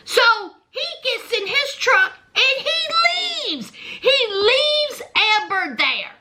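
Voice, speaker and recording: A woman's voice: extremely high pitch, big pitch swings, slow pace, few pauses, bright, forceful tone. A woman giving a casual, sassy recap of a reality show, chatty and laughing often as she tells it.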